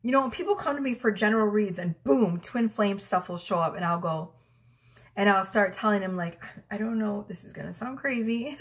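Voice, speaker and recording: A woman's voice: on the high side, normal speed. A middle-aged woman, a tarot reader, chatting casually to her viewers, giggling often and acting out her clients' lines in small voices. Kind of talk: casual spiritual storytelling to camera.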